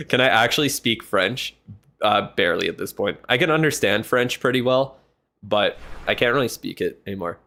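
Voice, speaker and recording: Excitable casual male game commentator. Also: on the low side, gravelly. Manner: excitable, chatty, quick reactions, casual swearing. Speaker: streamer commentating a match. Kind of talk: casual live play-by-play commentary.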